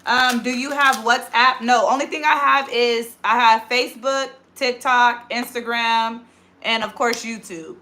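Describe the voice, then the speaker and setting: A woman in her thirties hosting a casual livestream on her phone, chatting quickly as she reads out viewer comments. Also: a little high, fairly even intonation, bright, forceful tone. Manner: very fast, rapid-fire talker. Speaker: livestream host.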